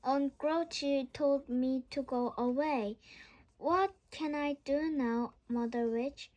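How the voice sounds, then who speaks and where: A woman's voice: high-pitched, fairly even intonation, slow, a little mellow. Woman reading eager little girl witch. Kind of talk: storybook read-aloud.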